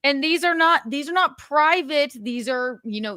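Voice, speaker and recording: A fairly high-voiced woman hosting a casual gossip livestream, indignant and quick to swear. Her voice is recorded close and dry, with almost no room sound. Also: animated, bright, forceful tone, dry recording. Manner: indignant, swears a lot, reads out texts. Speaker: livestream host.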